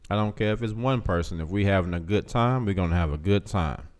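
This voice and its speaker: A man with a deep, darkish voice hosts a casual live show at a brisk pace. He chats with viewers in a laid-back way and tends to repeat himself.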